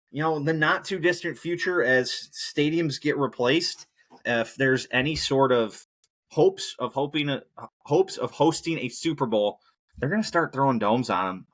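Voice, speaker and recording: A man's voice: mid-range voice, fairly bright tone. A man hosting a solo podcast, rambling casually and breaking into profane rants. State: injured knee, hobbling. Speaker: podcast host.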